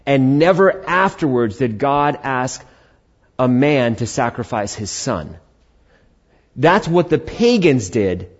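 A man's voice: sing-song, takes it slowly, breathy edge, highs cut off. A male pastor preaching a sermon who reads scripture aloud and then asks and answers questions. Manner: voices imagined objections in a higher voice.

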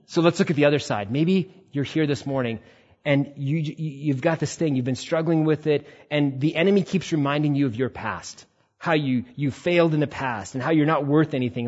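A male pastor giving a conversational sermon, acting out quotes in sudden high bursts, with a husky voice. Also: brisk, darkish tone, muffled recording.

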